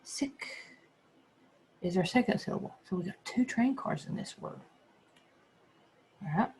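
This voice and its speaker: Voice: mid-range voice, animated, a little slow, darkish tone. A second grade teacher giving a phonics lesson to young children, patiently sounding out words and spelling letters one by one.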